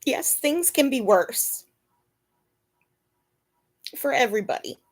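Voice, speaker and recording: A woman's voice: sits high, animated, slow. A woman hosting a casual live chat from her bed at home, emotional and close to tears. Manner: talks to her pets mid-stream. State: dry mouth. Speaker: channel host.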